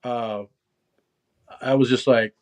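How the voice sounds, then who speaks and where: A man's voice: mid-range voice, steady tone, slow, darkish tone. A middle-aged American man, a podcast guest, talking casually and rambling with many restarts and fillers. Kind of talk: casual chat.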